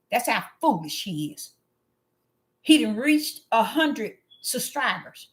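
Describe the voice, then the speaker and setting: A woman's voice: very animated, takes it slowly. Emphatic woman preaching to her viewers. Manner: emphatic, repeats phrases for emphasis; swings between loud exclamations and low muttered asides. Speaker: online religious commentator. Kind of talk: preachy commentary monologue.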